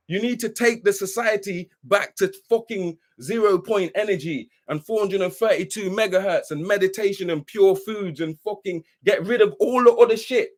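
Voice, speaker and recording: A man ranting heatedly and profanely on a live stream, worked up and preachy, who keeps asking if you understand. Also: sits high. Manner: says he is worked up. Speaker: livestream host.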